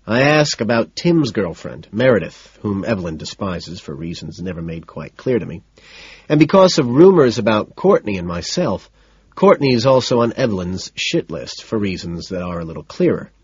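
A man reading a first-person audiobook in a deadpan, matter-of-fact way. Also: lowish voice, normal speed, slightly rough, no room sound. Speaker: audiobook narrator. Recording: dull lo-fi recording.

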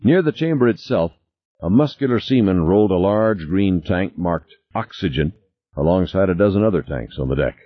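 A man with a very low voice narrates a novel, his pitch swinging widely as he reads. The recording is dry and a little muffled, close to the mic. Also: normal speed. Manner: dramatic, expressive reading. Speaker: audiobook narrator. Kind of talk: scripted narration.

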